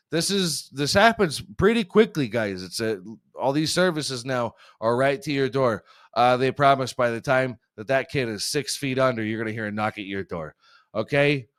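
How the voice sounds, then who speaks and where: Sarcastic, swearing podcast host with a smooth voice. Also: male voice, mid-range voice, fairly bright tone. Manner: irreverent, sarcastic, swears freely, mock ad-read delivery; laughs at his own jokes. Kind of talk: casual comedic podcast banter.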